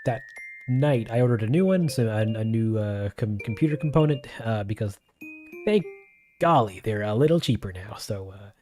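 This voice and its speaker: A man's voice: on the low side, animated, moderate pace, warm tone, soft background music. A man on his own livestream, telling a rambling story in a casual way, full of restarts and acted-out quotes.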